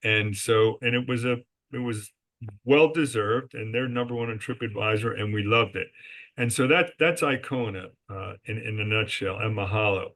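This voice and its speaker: Guesting on a podcast, a resort company executive speaks at normal speed in a somewhat low, slightly bright voice. He tells business stories emphatically and supplies answers to his own rhetorical questions.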